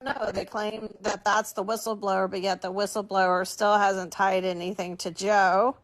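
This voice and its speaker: A woman's voice: mid-range voice, flat delivery, normal speed. A woman co-hosting a casual political chat show, wry and amused, often laughing. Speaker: political commentary co-host.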